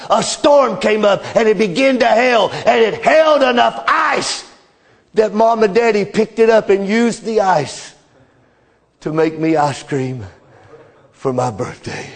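A man preaching a sermon, telling a story with fervor, swinging between loud cries and hushed low drops. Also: lively intonation, measured pace, creaky.

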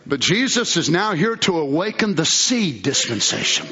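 A man preaching a fervent sermon, swinging between shouts and low asides. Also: sing-song, normal speed, lo-fi sound.

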